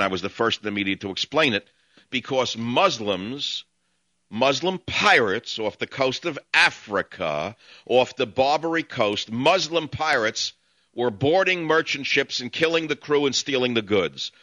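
A man's voice: mid-range voice, bright, forceful tone, no room sound, highs cut off. A man hosting a call-in talk radio show, ranting combatively at his callers in long monologues. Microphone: studio mic.

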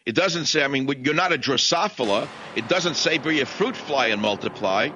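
A man's voice: medium pitch, animated, moderate pace, background noise. A man hosting talk radio, ranting angrily and hurling insults at his targets. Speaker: radio talk show host. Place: radio studio.

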